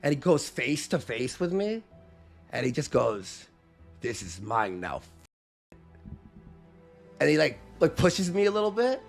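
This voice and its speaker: Man telling an animated story over faint music. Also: a little high, normal speed, gravelly. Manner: animated, acts out quotes with shifting voice and volume. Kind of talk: casual live-stream storytelling.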